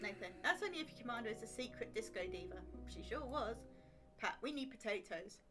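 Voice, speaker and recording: A woman's voice: a little high, animated, brisk, music in the background. A woman co-hosting a live game stream, playful and reading viewer messages aloud. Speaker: stream co-host. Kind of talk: live gameplay chat.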